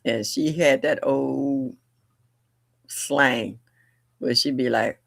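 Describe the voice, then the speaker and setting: An older woman hosting a livestream, chatting casually and bluntly, telling family stories with animated delivery and laughter. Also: extremely low pitch, drawn-out words, gravelly, pauses often, dry recording, studio quality. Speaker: livestream host. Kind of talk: casual storytelling chat.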